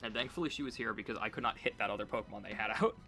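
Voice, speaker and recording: A man's voice: lowish voice, rapid-fire, pushed and bright, faint music behind. A young man streaming a video game, chatting casually and rambling with many fillers. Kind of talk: casual gameplay commentary.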